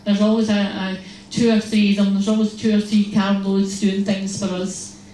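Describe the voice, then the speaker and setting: Nun in an echoey hall. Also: female voice, mid-range voice, level tone, moderate pace, mellow. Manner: humorous, storytelling, acts out exchanges. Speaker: religious sister giving a talk. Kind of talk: lively faith talk to an audience. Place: large hall. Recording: echoey hall, distant mic, faint noise.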